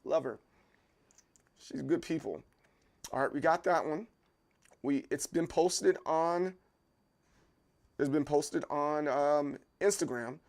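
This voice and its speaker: A man's voice: on the high side, slow, long pauses, darkish tone. A man hosting a casual livestream from his home kitchen. He rambles in a chatty way and talks straight to his viewers while walking with a handheld camera. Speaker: livestream host.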